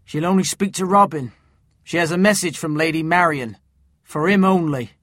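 A man voicing Little John, a blunt male outlaw, in a loud, forceful way in a storybook reading. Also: a little high, moderate pace, dry recording, clean studio sound, voice pushed up, lightly acted. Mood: insistent.

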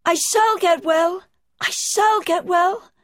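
A woman's voice: lowish voice, expressive, moderate pace, darkish tone, no room sound, studio quality. A woman voicing a sickly, imperious young boy who gives lordly commands in a storybook reading. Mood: excited.

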